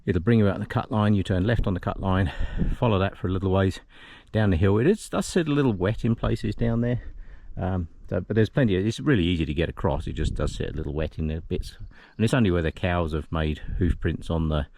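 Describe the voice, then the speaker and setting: A man's voice: sits low, a little fast, few pauses, a little mellow. A man filming himself outdoors on a mountain trail, chatting casually as he walks and gives directions. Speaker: trail volunteer vlogger. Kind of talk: casual walking narration. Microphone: handheld camera, filming while walking.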